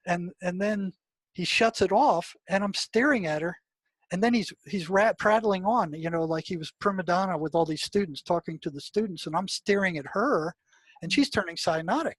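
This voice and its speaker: An older man, a retired mental health practitioner, speaks as an interview guest in a slightly high, husky voice at a moderate pace. He tells his story with animation, with many restarts and exclamations at dramatic moments. The recording is dry and close, with no room sound.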